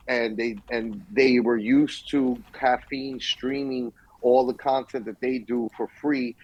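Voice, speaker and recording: A young man co-hosting a podcast in casual chat, telling stories with lively acted-out quotes. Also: mid-range voice, no echo, low-quality recording. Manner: animated storytelling, acts out quotes. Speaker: podcast co-host.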